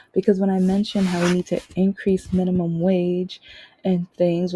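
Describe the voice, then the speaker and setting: Woman podcaster, casual rambling monologue with restarts; low-ish, husky voice. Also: dark tone, dry recording, low-quality recording. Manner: rambling, with frequent restarts and quoted dialogue. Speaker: podcast host.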